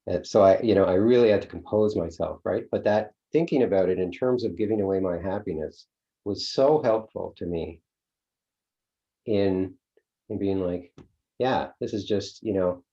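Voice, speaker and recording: A man's voice: low-pitched, moderate pace, dark tone. A middle-aged man leading a course, talking casually with many fillers and a rhetorical "right?". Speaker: course leader. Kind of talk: casual teaching talk. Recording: dull lo-fi sound.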